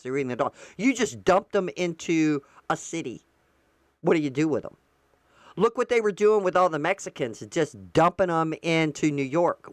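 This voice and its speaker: A woman's voice: mid-range voice, no echo. Woman commentary vlogger, indignant and emphatic, mid-range voice, dry close sound. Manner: heated, indignant, repeats herself for emphasis. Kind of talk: political commentary, reading excerpts aloud and reacting.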